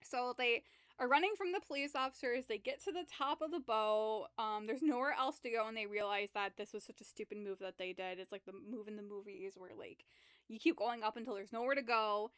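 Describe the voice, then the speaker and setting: A woman's voice: on the high side, a little fast, fairly bright tone, clear, resonant tone, dry recording, studio quality. A woman co-hosting a podcast, casually retelling a book's plot, rambling, swearing freely and acting out the characters' lines. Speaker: podcast co-host. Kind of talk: casual book recap chat.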